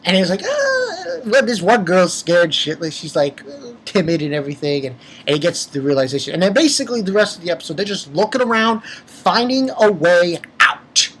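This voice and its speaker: A man's voice: sits high, animated, brisk, few pauses, a bit bright, slight background noise. A man giving a casual spoken review of an episode. He rambles, swears freely and often restarts his sentences. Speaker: anime reviewer.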